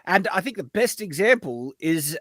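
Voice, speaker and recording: Man, guest, teasing, emphatic, lively pitch, dry sound. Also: moderate pace, no room sound. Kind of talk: casual chat.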